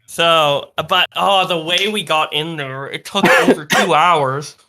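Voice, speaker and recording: A man's voice: a little high, unhurried, pushed and bright. A man co-hosting a podcast, recounting a story in casual chat with hesitant fillers and quoted voices. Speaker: podcast co-host.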